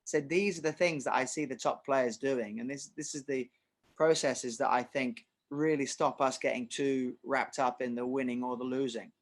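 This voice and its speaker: A middle-aged man coaching through a relaxed podcast conversation. He explains ideas with lively acted examples and a conversational, expressive manner. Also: medium pitch, moderate pace. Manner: animated storyteller, uses acted examples. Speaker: tennis coach. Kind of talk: casual podcast chat.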